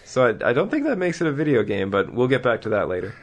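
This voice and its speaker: A man's voice: medium pitch, huge pitch swings, fast. A man co-hosting a gaming podcast, making dry wisecracks in casual chat. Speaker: podcast co-host.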